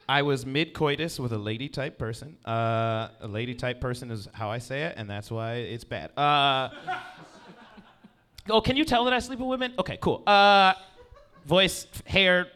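A man's voice: fairly high pitch, unhurried, pushed and bright, clean tone. A male comedian doing a stand-up set on stage, rambling and self-deprecating and often checking in with the crowd. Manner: rambling, self-deprecating, keeps asking "you know what I mean". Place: stage before a live audience.

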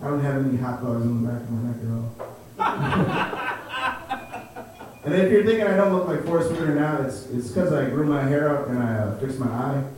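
A man's voice: medium pitch, moderate pace, long pauses, noisy background. A young man from Chicago doing a stand-up set, telling stories in a laid-back way and laughing at his own jokes. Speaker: stand-up comedian. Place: comedy club stage. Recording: roomy, distant club recording.

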